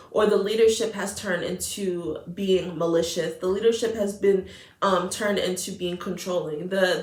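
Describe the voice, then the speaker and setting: A woman giving a spiritual tarot reading in an earnest, emotional way, often repeating her phrases. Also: fairly low pitch. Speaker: tarot reader. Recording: roomy echo.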